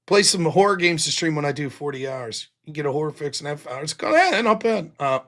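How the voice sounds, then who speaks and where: A man's voice: a little high, big pitch swings, a little fast, a bit bright. A man hosting a late-night live stream, rambling casually with lots of fillers and swearing. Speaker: live-stream talk show host.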